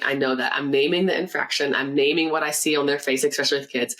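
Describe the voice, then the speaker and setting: A woman in her thirties speaks with a low-pitched voice as a counselor in a podcast interview. She is animated and laughs easily. She slips into the voices of the people she quotes as she talks. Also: fast talker, hardly any pauses, poor audio. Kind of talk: conversational interview.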